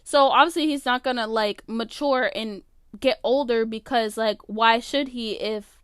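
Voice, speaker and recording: Female solo podcast host, high, smooth voice, chatty and opinionated, dry close mic. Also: fairly bright tone, dry recording. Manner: chatty, opinionated, many "like" fillers. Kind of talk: casual solo commentary.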